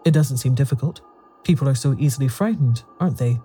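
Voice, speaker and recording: A man's voice: medium pitch, fast, dark tone, husky, soft background music. A man putting on a quavering old ghost woman. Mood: sly. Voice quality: quavering, whistling voice. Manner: wistful and wheedling.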